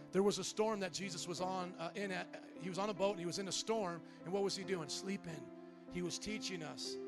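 A man preaching a sermon as pastor, asking the congregation questions and rising into loud, fervent prayer. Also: high-pitched, brisk. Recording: church service audio with music behind.

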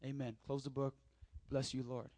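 A man's voice: medium pitch, flat delivery, normal speed, a little mellow, no echo. A male pastor preaching a sermon, reading scripture and explaining it to his congregation, repeating key points with emphasis.

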